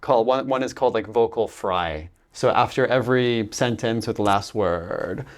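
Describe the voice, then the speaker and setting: A man's voice: lowish voice, normal speed. A Californian man, an accent coach, answering interview questions in a hesitant, thoughtful way full of fillers. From California, USA. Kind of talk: casual interview.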